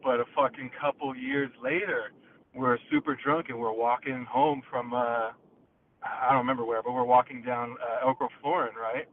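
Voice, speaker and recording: A man calling in from his car, telling a story in an excitable, profane way over the phone. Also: medium pitch, normal speed, slight background noise. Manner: profane, excitable, acts out quotes. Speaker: caller. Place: in a car, driving. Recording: tinny phone line.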